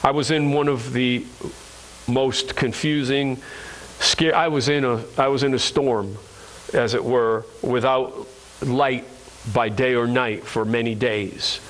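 A man's voice: mid-range voice, fairly even intonation, takes it slowly, fairly bright tone, rough recording. A male pastor preaching a sermon to his congregation, earnest and repeating phrases for emphasis, calling listeners friends.

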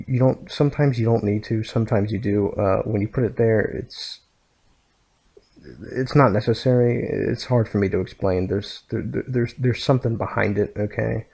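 A man's voice: on the low side, gravelly, dark tone, breathy edge. A man from the United States, explaining a language lesson over a screen recording, full of fillers and "okay?" checks. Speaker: language teacher.

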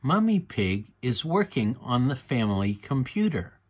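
A man reading a children's storybook aloud, slowly and deliberately, for kids to read along. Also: mid-range voice, big pitch swings, breathy edge. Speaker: storybook reader.

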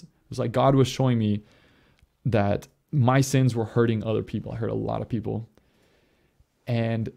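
Man, gravelly, dark tone, earnest halting testimony full of fillers. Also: medium pitch. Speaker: priest. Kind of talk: personal testimony.

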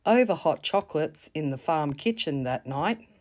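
A woman with an Australian accent, reading a children's bedtime story slowly and gently. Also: low-pitched, lively intonation. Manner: slow, gentle, deliberate reading.

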